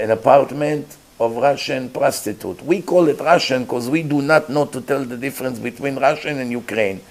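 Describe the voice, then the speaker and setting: A man's voice: medium pitch, a little mellow. Earnest man lecturing. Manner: earnest, emphatic, with non-native grammar. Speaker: rabbi giving a talk. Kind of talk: informal lecture.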